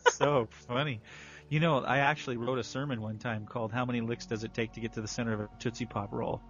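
A man co-hosting a podcast in casual chat, animated and quick to laugh. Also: medium pitch. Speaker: podcast co-host. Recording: slightly dull lo-fi sound.

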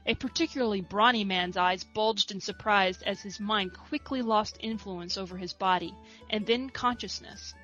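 Woman softly reading a story. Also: mid-range voice, moderate pace, muffled recording, faint music behind. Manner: soft, steady reading. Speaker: reader. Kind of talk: storybook narration.

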